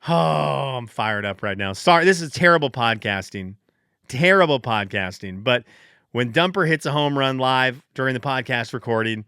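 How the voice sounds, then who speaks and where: A man in his thirties hosting a casual solo podcast, rambling and excitable, who breaks into loud cheering. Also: medium pitch, smooth, no echo, clean studio sound. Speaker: podcast host.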